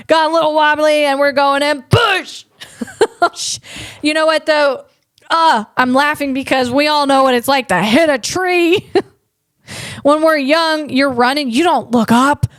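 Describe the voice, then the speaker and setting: A woman comedian hosting a podcast, giving loud, animated, playful tech commentary. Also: high-pitched, no echo, clean studio sound.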